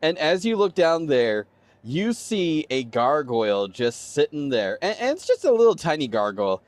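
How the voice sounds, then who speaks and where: A man narrating as game master of a tabletop game, describing scenes in an animated way and addressing players by their characters' names. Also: fairly high pitch, moderate pace, no room sound.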